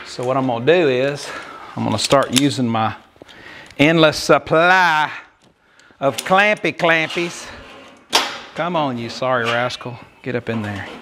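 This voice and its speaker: A man talks casually while he works, joking in a folksy way. He is a bit out of breath, and his voice sits in an ordinary middle pitch. Faint workshop noise and tool clicks run behind him. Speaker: DIY car builder.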